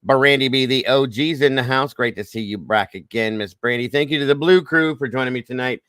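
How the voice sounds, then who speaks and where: A man hosting a livestream, rattling off quick, folksy greetings to viewers by name. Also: medium pitch, a bit bright, smooth, dry recording, studio quality. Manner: fast, folksy greetings with Southern-style phrasing. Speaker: livestream host. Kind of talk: casual livestream shout-outs.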